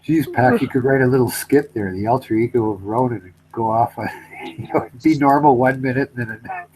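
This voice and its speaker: A man's voice: mid-range voice, fairly quick, a little mellow, poor audio. A man telling rambling stories on a casual comedy chat show in a mid-range voice. He drops swear words and acts out other people's lines as he goes. A faint hiss sits under his voice.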